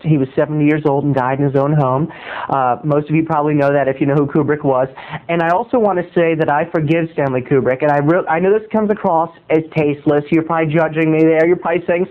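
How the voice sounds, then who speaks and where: A man hosting a comedy show, telling a rambling story with stammering restarts and sudden loud outbursts. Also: a little high, fairly quick. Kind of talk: comic storytelling monologue. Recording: tinny phone-like lo-fi audio.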